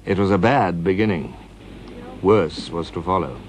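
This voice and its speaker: A man with a British accent narrating a documentary in a measured, formal way. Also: sits low. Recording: noisy old broadcast recording.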